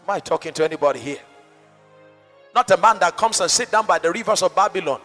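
A male pastor preaching a sermon to a congregation, dynamic and rhetorical, swinging from shouts to soft asides. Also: high voice, animated, quick pace, in a large hall, soft background music.

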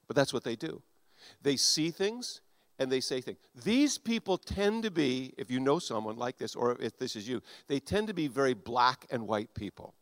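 Animated preacher man, dry close sound. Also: mid-range voice, normal speed, no room sound. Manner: animated preaching, acts out quoted voices, swings loud and soft. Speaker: pastor. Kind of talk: sermon.

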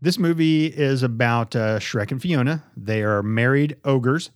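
Man, casual podcast chat, cursing, joking, average pitch, dry close sound. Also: a little slow, no room sound. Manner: swears often, blunt and joking. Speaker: podcast co-host.

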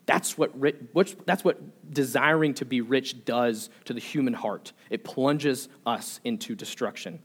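A man's voice: medium pitch, measured pace, few pauses, breathy edge. A young adult man preaching a sermon as pastor, earnest, asking repeated rhetorical questions and often restarting his words.

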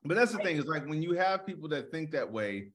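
A man in casual comedic podcast chat with a somewhat high voice. He talks animatedly and stacks restarts, "I, I" and "you, you", before landing his point. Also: a little fast. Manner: animated, repeats words when starting a thought.

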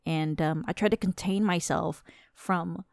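A woman in her thirties hosting a podcast, ranting in a casual, exasperated and profane way, with sharp emphatic bursts. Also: on the low side, steady tone, unhurried, vocal fry, dry recording, studio quality. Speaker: podcast host. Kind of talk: casual rant.

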